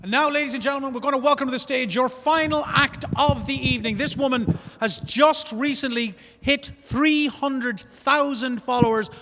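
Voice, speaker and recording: A man's voice: very high voice, normal speed, few pauses, sharp tone, big-room sound. A man with an Irish accent, compering a comedy show, telling a joke and introducing the next act in a jaunty way.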